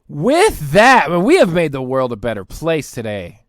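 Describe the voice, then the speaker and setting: A man's voice: on the high side, normal speed, no echo, soft background music. A man in his thirties hosting a podcast, ranting comically and laughing mid-sentence. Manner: animated, laughs mid-sentence, mocks others in put-on voices. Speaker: podcast host. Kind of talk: comedic solo rant.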